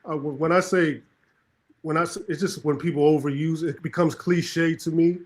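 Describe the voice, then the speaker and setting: A man's voice: on the high side, fairly even intonation, moderate pace. A man on a podcast panel making an emphatic point with a string of rhetorical questions. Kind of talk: casual panel debate.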